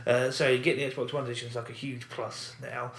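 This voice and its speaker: A man co-hosting a podcast, chatting casually, animated and rambling with fillers and frequent laughs. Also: mid-range voice, a little fast, vocal fry. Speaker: podcast co-host. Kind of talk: casual chat. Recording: echoey room, faint background noise.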